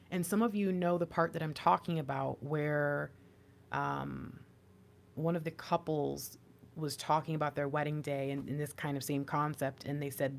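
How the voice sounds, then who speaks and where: A young woman giving an intuitive tarot reading, rambling and excitable, often trailing off and laughing. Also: deep voice. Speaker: tarot reader.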